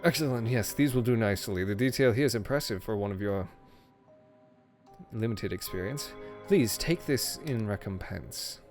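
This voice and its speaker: A man's voice: fairly low pitch, moderate pace, a little mellow, faint music behind, lightly acted. A man voicing a pompous, fussy male academic who has become a reluctant spy.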